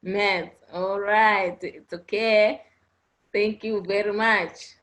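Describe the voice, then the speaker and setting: A woman's voice: mid-range voice, steady tone, slow, fairly bright tone, poor audio. A woman teaching an online class, patiently repeating points and checking understanding with frequent "okay?" prompts. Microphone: online video class audio.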